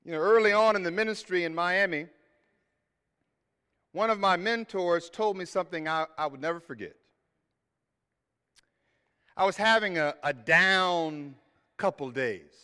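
A man preaching an earnest sermon as a pastor, repeating key phrases and loudly acting out the voices he quotes. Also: high voice, measured pace, long pauses, clean tone. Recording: reverberant hall.

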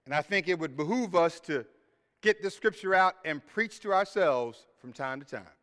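A man preaching a sermon as pastor, swelling into shouted scripture lines and then dropping to quiet asides. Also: fairly high pitch, expressive, normal speed. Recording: long hall reverb.

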